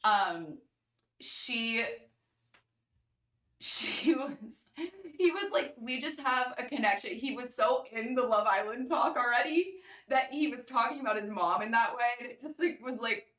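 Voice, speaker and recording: A woman's voice: on the high side, animated, a little slow, a bit bright, roomy sound. A young woman co-hosting a casual chat, easygoing and hesitant, with many "um"s. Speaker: podcast co-host.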